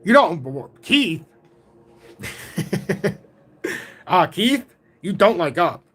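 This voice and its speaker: A man in his forties hosting a casual livestream about crypto charts, talking in an excitable, rambling way from home. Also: high-pitched, very slow, husky. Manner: rambling, excitable, self-taught trader talk.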